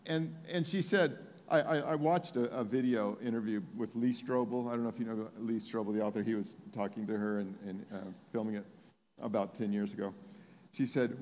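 A man preaching a sermon, telling a story with lots of restarts, growing animated and excited as he retells it. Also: on the low side, a little fast. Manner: animated, rising to excited near-shouting while retelling. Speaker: pastor. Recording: long hall reverb.

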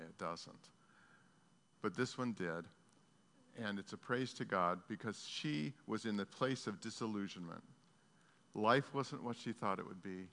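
Gravelly-voiced male pastor telling a story. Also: on the low side, animated, bright, forceful tone. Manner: earnest, halting storyteller. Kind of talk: sermon storytelling. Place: church sanctuary. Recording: long hall reverb.

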